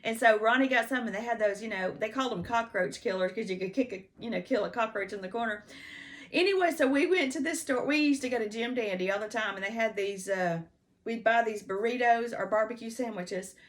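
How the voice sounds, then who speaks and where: A woman's voice: fairly high pitch, a little fast. Chatty fifties woman, rambling storyteller. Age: 50s. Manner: rambling, heavy use of "you know" and restarts; checks written notes between stories. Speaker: personal storyteller. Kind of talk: casual life-story monologue.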